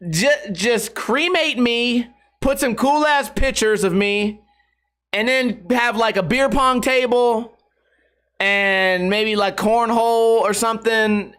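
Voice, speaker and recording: A man's voice: high voice, a bit bright. A man hosting a podcast, telling a rambling, profane story with frequent laughter. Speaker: podcast host. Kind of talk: casual storytelling monologue.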